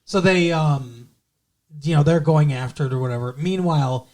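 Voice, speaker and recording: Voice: mid-range voice, moderate pace, a little mellow. A podcast co-host casually retelling a TV episode, rambling with lots of filler words. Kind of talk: casual recap chat.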